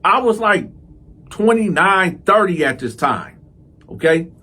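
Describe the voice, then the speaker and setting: A man casually telling a story to his viewers, emphatic and animated, repeating his points to drive them home. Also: high voice, takes it slowly, breathy edge. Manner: animated, talks straight to viewers; repetitive, emphatic. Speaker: host and storyteller.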